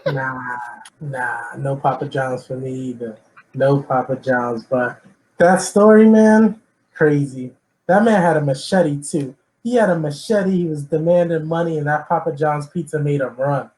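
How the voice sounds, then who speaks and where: A man's voice: fairly high pitch, unhurried, darkish tone. A man co-hosting a podcast, blunt and joking in casual banter. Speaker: podcast co-host. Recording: noisy recording.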